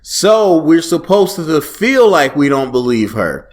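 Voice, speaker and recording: A man talks through his take on a TV episode in an easygoing, animated way. His voice sits a little higher than most men's, and he slips into quoted dialogue without breaking his conversational flow. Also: slow. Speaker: TV show reviewer. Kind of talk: casual solo review talk.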